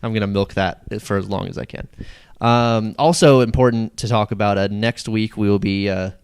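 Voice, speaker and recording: A man's voice: fairly low pitch, steady tone, normal speed, clean tone, dry recording. A young man co-hosting a podcast in casual, rambling, jokey chat. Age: young adult. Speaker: podcast co-host.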